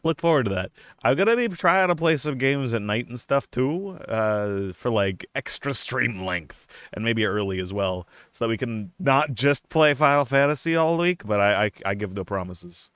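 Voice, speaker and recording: A man's voice: mid-range voice, lively intonation, moderate pace, a bit bright, smooth, dry recording. A young man chatting casually on a live stream, playful and laughing often, slipping into a silly put-on accent.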